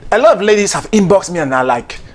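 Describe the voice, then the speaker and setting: Funny guy hosting his comedy show, higher voice, laughing through his bits. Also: fast. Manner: laughs through his lines, playful and animated. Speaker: comedian host. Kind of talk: stand-up style comic monologue.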